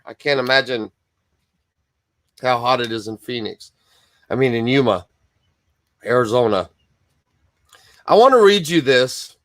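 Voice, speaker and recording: A man's voice: mid-range voice, fairly bright tone, dry recording, studio quality. A man hosting a live-streamed Bible study from Michigan, chatting casually and greeting viewers by name between rambling asides.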